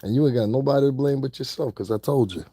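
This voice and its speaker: A man's voice: medium pitch, fast talker, warm tone, breathy edge, dry recording. A man vlogging in a confrontational rant, profane and taunting, breaking into laughter at times.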